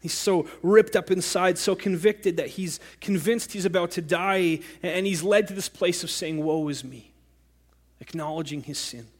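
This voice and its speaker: A man's voice: high-pitched, fairly even intonation, moderate pace, few pauses. A man preaching a sermon as pastor, earnest and rising to impassioned cries when he quotes scripture.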